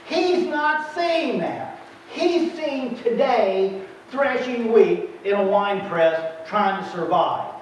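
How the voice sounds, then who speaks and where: A preacher with a high, bright voice delivers an animated sermon and acts out the lines of biblical figures. He is heard from a distance in a big, echoing room. The recording sounds dull and muffled. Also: takes it slowly, a little hiss or hum. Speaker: pastor. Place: church sanctuary.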